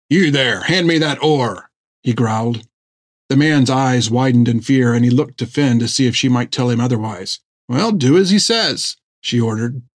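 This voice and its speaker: A man reading a story aloud in scripted narration, with an even storytelling manner. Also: medium pitch, no room sound, clean studio sound. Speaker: audiobook narrator.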